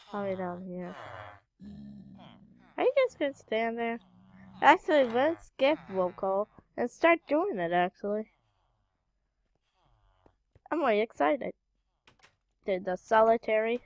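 A woman's voice: fairly high pitch, darkish tone. A woman hosting a gaming channel, giving casual gameplay commentary and muttering to herself while she searches, with frequent exclamations.

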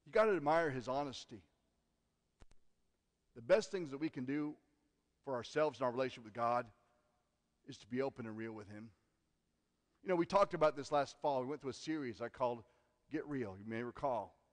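A man preaching a sermon as pastor, earnest, moving from loud emphasis to hushed asides. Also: medium pitch, lively intonation, brisk, pauses often. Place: church sanctuary. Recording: long church hall reverb.

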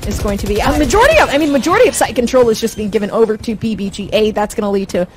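A woman calls an esports match live in a fairly high voice. She stammers and repeats words as the action moves, and a clear background noise runs under her. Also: expressive, very fast. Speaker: esports caster. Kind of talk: live play-by-play commentary.

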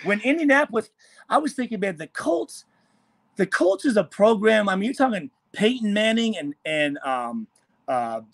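A man in a hotel room on a video call, a former football player telling animated, profane stories in casual chat. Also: high-pitched, moderate pace, vocal fry, no echo. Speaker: former NFL player guest.

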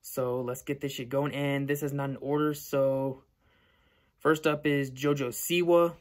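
A man's voice: mid-range voice, little pitch movement, a little slow. A young man in his late teens ranting casually to camera, profane and blunt, repeating himself often. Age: young adult. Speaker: vlogger.

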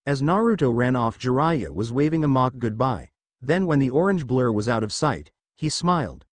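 Dude reading fanfic out loud, really lively pitch, super dry close mic. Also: male voice, moderate pace, no room sound. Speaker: narrator. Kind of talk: fan fiction audiobook reading.

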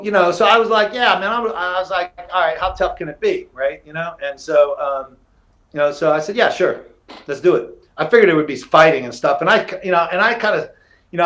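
A middle-aged man appears as a podcast guest in a casual storytelling interview, recounting fight stories. His voice is on the high side, and he's animated, acting out quotes and swearing freely.

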